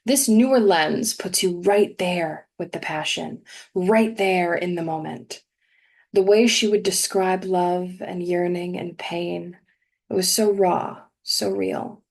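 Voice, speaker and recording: A young adult woman giving a prepared talk at a congregation service, explaining things in a measured way and reading verse slowly with emphasis. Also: lowish voice, darkish tone. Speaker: guest speaker at a congregation service. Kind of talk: prepared talk read aloud.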